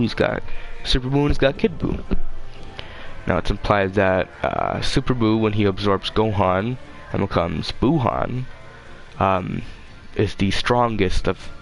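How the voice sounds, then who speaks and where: A man's voice: lowish voice, gravelly. A man hosting his own channel, rambling casually and swearing freely as he loses his train of thought. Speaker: channel host.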